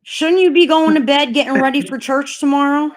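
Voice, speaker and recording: A woman's voice: sits high, brisk. A woman hosting a livestream chat, ranting heatedly and swearing a lot. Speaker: livestream host.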